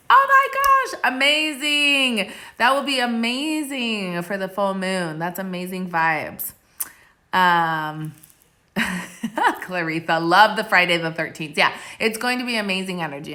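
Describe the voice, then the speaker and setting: A woman's voice: fairly low pitch, sharp tone. A young woman hosting a casual live stream from her phone, laughing often and reading out viewer comments. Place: countryside village home.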